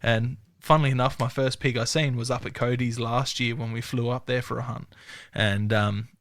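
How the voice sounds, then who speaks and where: A man's voice: medium pitch, little pitch movement, moderate pace, a bit bright, no echo. Easygoing Australian man, dry close sound. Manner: easygoing, chuckling storyteller. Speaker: podcast host. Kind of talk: casual podcast chat.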